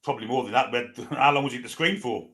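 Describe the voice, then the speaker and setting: Fast, bright co-commentator. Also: male voice, medium pitch. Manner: blunt, sweary, laughs often. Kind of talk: fan watchalong banter.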